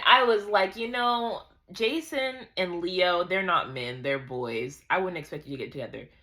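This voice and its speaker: A woman's voice: lowish voice, normal speed, few pauses, sharp tone. A woman in her thirties giving a casual, chatty book recap, ranting in exasperation. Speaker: book vlogger.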